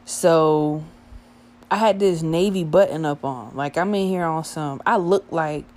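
A young adult woman telling a profane, animated story about a night out, acting out the dialogue as she goes. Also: low-pitched, unhurried. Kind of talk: casual storytime monologue.

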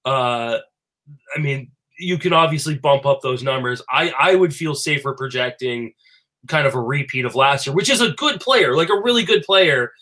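A man talking fantasy baseball in a casual chat, animated and full of fillers and restarts. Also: mid-range voice, moderate pace. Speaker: fantasy baseball podcast panelist.

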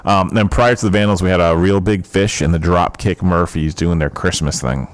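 A man with a very low voice talks loosely on a music podcast. He laughs a lot and trips over his own sentences. His voice is recorded close and dry, with no room around it. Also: normal speed, no echo. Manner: loose and chatty, laughs often, restarts sentences. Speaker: podcast co-host. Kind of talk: casual chat about music.

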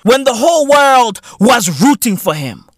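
A man's voice: extremely high pitch, very animated, a little slow, no room sound, studio quality. A man from South Africa hosting a podcast, delivering a profane, comedic rant full of slang. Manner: profane, ranting, heavy London-style slang. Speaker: podcast host.

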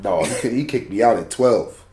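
Young man, animated street-slang storyteller; echoey room. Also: fairly low pitch, moderate pace, a little hiss or hum. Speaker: storyteller in podcast chat. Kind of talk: casual chat. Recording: roomy echo.

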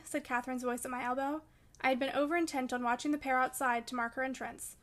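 A woman narrating a classic novel in an audiobook, in a measured, expressive storytelling manner. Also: high voice.

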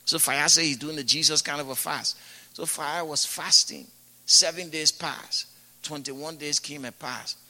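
A preacher from Africa tells stories in a loose, chatty sermon, dropping "you know" and laughing often. His voice sits high and sounds very bright. It carries a long reverb, as in a large hall. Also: unhurried. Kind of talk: sermon with personal storytelling.

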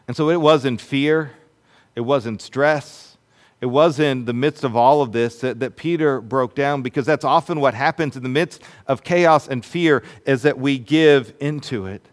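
Conversational pastor with hushed dramatic turns. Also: male voice, a little high. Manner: conversational, many restarts and fillers. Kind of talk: sermon.

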